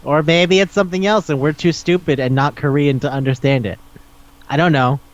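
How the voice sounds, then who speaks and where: A man co-hosting a podcast, ranting in disbelief with rapid questions and lots of swearing. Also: fairly high pitch, steady tone, muffled recording. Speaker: podcast co-host. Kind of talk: casual chat.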